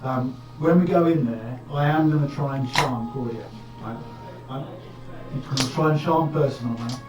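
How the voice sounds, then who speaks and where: A man's voice: medium pitch, moderate pace, distant mic. A man player chatting casually while planning a move at a tabletop game, often repeating words as he starts sentences. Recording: roomy, from afar, music behind.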